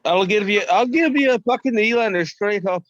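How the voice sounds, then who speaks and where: High voiced guy on a podcast, swears a lot, jokes around, dull dry mic. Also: a little fast, a bit bright, no echo. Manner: profane, joking. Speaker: podcast co-host. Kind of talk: casual sports podcast chat.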